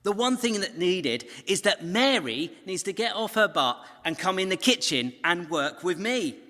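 A man's voice: sits high, sing-song, measured pace, sharp tone, voice pushed up, full character voice. A man voicing an exasperated, overworked woman who complains indignantly that her sister won't help. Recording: long hall reverb.

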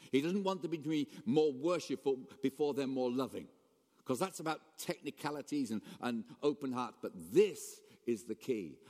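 Pastor preaching in an echoing hall. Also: male voice, mid-range voice. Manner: animated, shifts between raised emphasis and quiet asides. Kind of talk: sermon. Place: church hall. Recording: long reverb of a church hall.

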